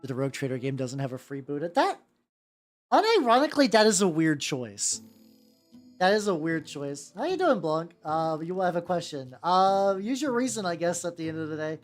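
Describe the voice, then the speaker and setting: A woman's voice: on the low side, sing-song, normal speed. A woman streaming as she paints miniatures, chatting casually, stammering, repeating herself and swearing freely. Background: faint background music.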